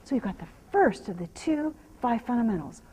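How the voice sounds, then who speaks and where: A woman horse trainer giving a hands-on demonstration, mixing soft repeated praise and hushed soothing with firm commands and calm explanations to viewers. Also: fairly high pitch, fairly quick, slight background noise. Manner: drops into hushed near-whispers when soothing.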